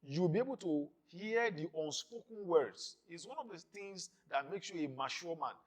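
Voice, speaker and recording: A man, a pastor preaching a sermon on marriage in an emphatic, repetitive style with rising and falling loudness. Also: on the high side, expressive, normal speed.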